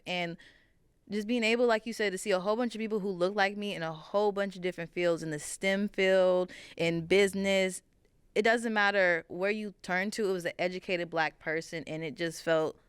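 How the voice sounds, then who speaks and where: Young woman with a smooth, clear voice. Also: on the low side, fairly bright tone, no echo. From Northern California. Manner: chatty, upbeat, curious questions. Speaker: podcast co-host. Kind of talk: casual chat.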